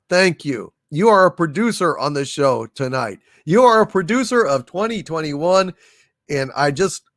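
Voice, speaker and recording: A man hosting a livestream, slowly reading out viewers' messages and thanking them, with many fillers and restarts. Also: on the high side, a bit bright, no room sound, clean studio sound. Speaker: livestream host reading super chats. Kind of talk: casual livestream chat.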